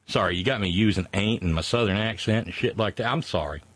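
A West Virginian man co-hosts a casual political chat podcast, rambling and profane as he reads listener messages aloud. His voice is lowish and a bit bright, delivered fast with few pauses and no room sound.

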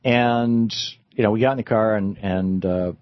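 A man's voice: fairly low pitch, unhurried, dry recording, muffled recording. A middle-aged man hosting a talk radio monologue, rambling with frequent restarts and fillers. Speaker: radio host.

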